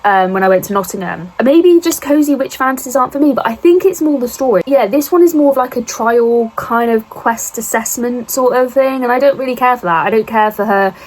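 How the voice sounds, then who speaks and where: Young woman, book vlogger; slightly raised pitch, faintly husky, rambling and self-deprecating. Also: brisk, few pauses. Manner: rambling, animated, self-deprecating, with asides to the viewer. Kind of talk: casual chatty vlog talk.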